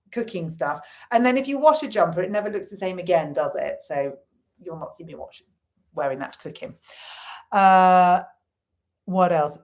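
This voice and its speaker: A middle-aged woman chatting casually on a live stream, reading comments and swearing now and then. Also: lowish voice. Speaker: livestream host.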